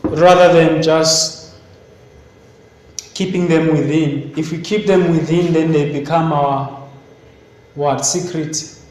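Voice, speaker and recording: A man's voice: fairly high pitch, fairly even intonation, takes it slowly, long pauses, a little mellow. A man teaching a literature class. He reads passages aloud and then questions his students. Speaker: English teacher. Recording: echoey classroom, faint hiss.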